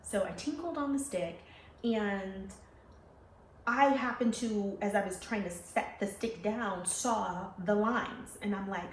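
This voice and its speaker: Animated woman telling a personal story. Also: mid-range voice, slow pace, a little hiss or hum. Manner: animated, laughing, acting out quoted voices. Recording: roomy echo with faint ambience.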